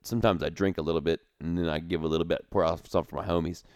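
A man co-hosting a podcast, trading goofy deadpan jokes in casual chat. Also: low-pitched, rapid-fire, no room sound, clean studio sound. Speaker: podcast co-host.

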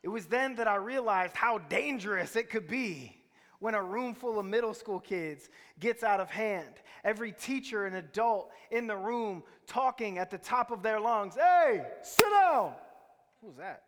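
A man's voice: sits high, moderate pace, fairly bright tone. A man preaching a sermon, telling stories in a conversational way and quizzing the congregation. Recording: reverberant hall.

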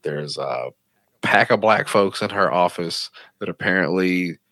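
A man's voice: deep voice, expressive, a little slow, fairly bright tone, no room sound. A man hosting a podcast, telling stories in a casual, profane chat and laughing often. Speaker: podcast host.

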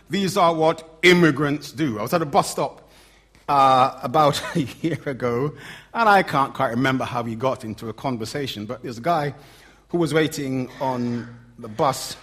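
A middle-aged man preaching a sermon, swinging from loud emphatic lines to low quiet asides.

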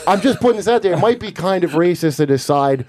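A man's voice: sits high, animated, fast, darkish tone. A man co-hosting a comedy podcast, rambling and profane, often cutting in mid-sentence. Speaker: co-host. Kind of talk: casual comedy podcast chat.

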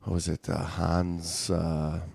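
A man's voice: sits low, completely flat delivery, takes it slowly, vocal fry, a little mellow, slightly rough, no echo, clean studio sound. A man co-hosting a diving podcast in casual chat, rambling with many restarts. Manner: rambling, restarts and filler-heavy. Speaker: podcast co-host.

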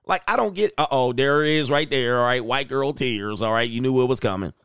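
Loud, animated, crude male commentator. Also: mid-range voice, quick pace, clear, resonant tone, no echo, studio quality. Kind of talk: casual reaction commentary.

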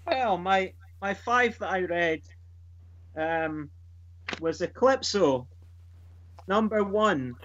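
A man with a fairly high voice, chatting casually and hesitantly among friends. He rambles through an anecdote with fillers. The sound is muffled and lo-fi. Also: animated, slow pace, long pauses, a bit bright. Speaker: comic book club member. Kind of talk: casual group chat. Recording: dull lo-fi sound.

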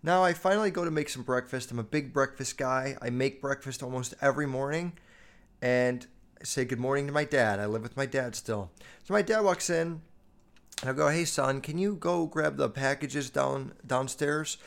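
A young American man hosting a casual solo podcast, telling stories in a loose, profane, animated way. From United States. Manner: profane, animated storytelling with quick jumps in pitch and loudness. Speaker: podcast host.

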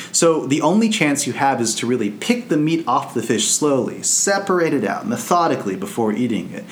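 A man's voice: mid-range voice, reverberant, a little hiss or hum. A man, a Buddhist monk, giving a casual storytelling Dharma talk in a loose, conversational, anecdotal way.

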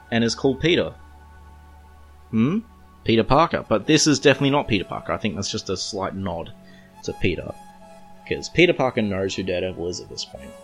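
Casual Australian male comic reviewer, lower voice, faint music underneath. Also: vocal fry. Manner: chatty, rambling, reads comic lines aloud.

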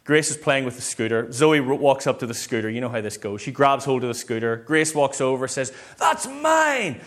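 A man, a pastor preaching a sermon in a lively, conversational way. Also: mid-range voice, fairly quick.

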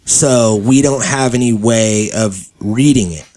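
A man's voice: lowish voice, measured pace, dark tone. A man from California hosting a casual podcast chat, rambling, joking and swearing loosely. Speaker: podcast host.

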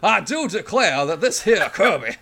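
A man's voice: high voice, big pitch swings, moderate pace, vocal fry, pushed and bright, husky, voice pushed up, full character voice. A man doing a drawling pompous cartoon king. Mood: laughing mockery. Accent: Louisiana. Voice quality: drawling, self-important.

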